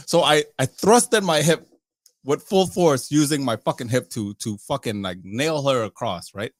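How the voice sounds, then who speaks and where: Brief: man, podcast host, lively swings in pitch, crude storyteller, dry close mic. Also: normal speed, no room sound. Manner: crude storytelling, laughs a lot. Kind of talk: casual group chat.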